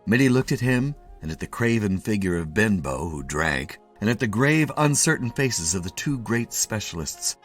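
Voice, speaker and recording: A man narrating a classic short story with an expressive, animated reading. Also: lowish voice, normal speed, few pauses, faint music behind. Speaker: story reader.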